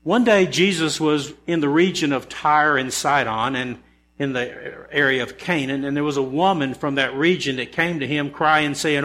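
A man preaching a sermon in a church, his voice pitched a little higher than most men's. He slips from easy, conversational storytelling into rising, emphatic rhetorical questions. A low mains hum runs under the recording. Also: moderate pace, a bit bright. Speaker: pastor. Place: church sanctuary.

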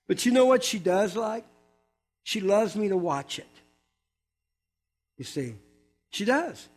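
An older man preaching, telling a humorous personal testimony with animated storytelling and quick asides. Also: high-pitched, faint music behind.

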